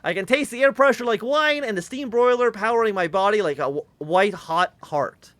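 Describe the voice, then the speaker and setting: A man's voice: sits high, moderate pace, a bit bright, no room sound. A man voicing a proud female cyborg who is wired into her airship, speaking with rapturous intensity. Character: cyborg woman airship captain, proud, ecstatic.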